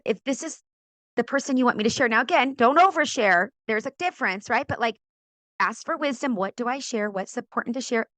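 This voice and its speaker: A middle-aged woman from California, a podcast guest and author, telling her faith story in an animated way, acting out quoted voices and laughing often. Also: fairly high pitch, dry recording. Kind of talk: animated testimony in a faith interview.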